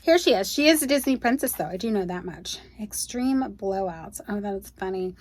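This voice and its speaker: At home, a woman unboxes items and gushes to her viewers in casual chat, exclaiming often and calling them "you guys." Her mid-range voice is expressive and moderately paced.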